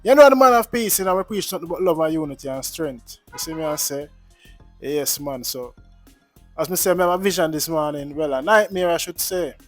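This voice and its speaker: A man's voice: on the high side, expressive, fairly quick, a bit bright, soft background music. A man with a Jamaican accent talking casually to his viewers in a vlog, earnest and repetitive, mixing in patois. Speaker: vlogger.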